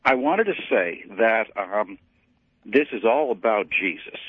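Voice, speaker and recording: A man's voice: on the low side, lively intonation, unhurried, husky, no room sound. A man calling in to a radio show, speaking earnestly with firm convictions over a phone line. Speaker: caller.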